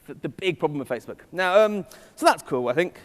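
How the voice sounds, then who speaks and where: A man's voice: a little high, animated, quick pace. A man with an English accent giving a keynote talk to a live audience, playful and self-mocking in his asides. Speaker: conference speaker. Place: festival stage in a large hall. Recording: long reverb of a large hall.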